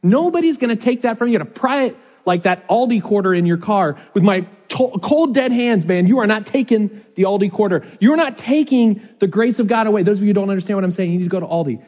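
A man's voice: high voice, expressive, fast talker, hardly any pauses, a little mellow, big-room sound. A man preaching a sermon as pastor. He talks conversationally and often checks in with "right?".

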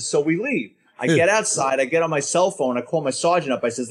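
Profane New ex-cop telling a story. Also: male voice, fairly high pitch, a little fast, hardly any pauses. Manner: profane, animated storyteller acting out dialogue. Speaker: storytelling guest, former police officer. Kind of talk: casual anecdote on a podcast.

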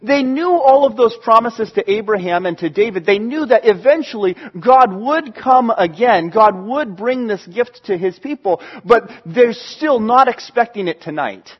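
A man telling a sermon story to an audience in an excitable, animated way. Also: sits high, moderate pace, hardly any pauses, lo-fi sound. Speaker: storyteller preacher.

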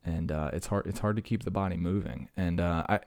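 A man's voice: low voice, brisk, darkish tone. A young man hosting a podcast, talking in a rambling, laid-back, self-mocking way. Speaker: podcast host. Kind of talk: rambling casual podcast chat.

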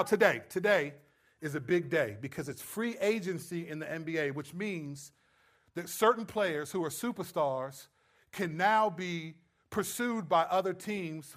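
Pastor, man: high-pitched, chatty preaching, often checking in with the room. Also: fairly bright tone. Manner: conversational, checks in with the audience often. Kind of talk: sermon.

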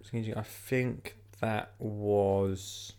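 A man's voice: on the low side, steady tone, slow pace, a little mellow, smooth. A man hosting a podcast in rambling, jokey casual chat. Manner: rambling, jokey, lots of fillers. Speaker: podcast host.

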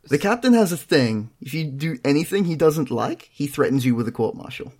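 A man's voice: fairly high pitch, big pitch swings, a little fast, a little mellow. A young man telling stories in a casual chat, dry and self-mocking. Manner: dry, self-deprecating storytelling. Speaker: podcast co-host.

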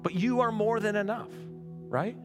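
A man's voice: high voice, normal speed, over music. A man preaching a conversational sermon as pastor, often restarting words and checking in with "right?".

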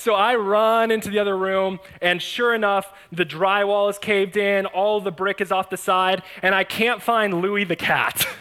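A man preaching to his congregation, telling a personal story with humor and frequent laughs, acting out the voices of the people in it. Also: high-pitched. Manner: animated, self-mocking, laughs often. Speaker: pastor. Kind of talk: storytelling sermon.

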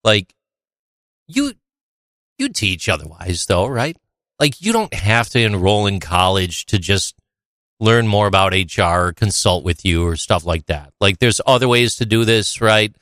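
A man's voice: lowish voice, lively intonation, unhurried, a bit bright, no room sound, studio quality. A man hosting a podcast, talking enthusiastically in a rambling, teasing way while praising his guest. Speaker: podcast host. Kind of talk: casual podcast chat.

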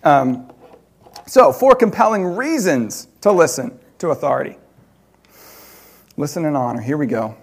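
A man preaching, telling a personal story in an animated way with laughter between loud and hushed moments. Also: a little high, unhurried, pauses often.

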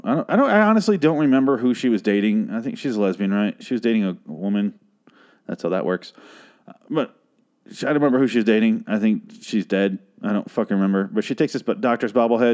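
A man with a fairly low voice hosts his podcast and recaps a TV episode. He rambles, swears freely and mocks what he watched. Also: darkish tone. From Phoenix, Arizona, USA. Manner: rambling, sarcastic, swears a lot. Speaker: podcast host. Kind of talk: casual profane TV recap.

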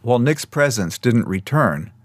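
A man's voice: medium pitch, expressive, moderate pace, no room sound. Man narrating fiction in a dry close recording. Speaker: audiobook narrator.

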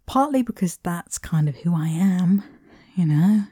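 A woman hosting a reflective solo podcast, meandering gently with soft laughs and whispered asides. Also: fairly low pitch, lively intonation, measured pace, husky, no room sound, clean studio sound. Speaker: podcast host.

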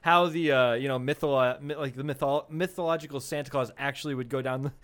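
A man's voice: medium pitch, fairly even intonation, quick pace, a bit bright. A young man co-hosting a comedy podcast, riffing in a casual, profane way and laughing often. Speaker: podcast co-host.

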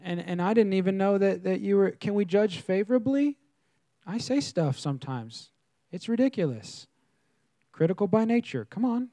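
A pastor preaching a sermon, telling a story with lively acted-out dialogue. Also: male voice, on the high side. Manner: animated storytelling, voices quoted people.

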